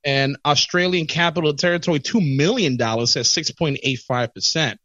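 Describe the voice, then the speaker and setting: A man with a fairly high voice co-hosts a podcast, asking curious, joking follow-up questions. The audio is dry, with no room around it, and sounds dull and muffled. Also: normal speed, pushed and bright, no echo. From Puerto Rico. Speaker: podcast co-host. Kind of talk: casual podcast chat.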